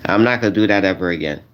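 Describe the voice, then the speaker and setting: Over dull audio, a man with a fairly bright tone does a stand-up rant to a crowd. He repeats himself, sounds exasperated, and his voice shoots up high whenever he gets indignant.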